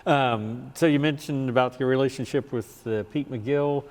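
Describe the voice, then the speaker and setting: A man interviewing a former legislator for an oral history, asking gentle follow-up questions. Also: medium pitch, fairly even intonation, normal speed, big-room sound.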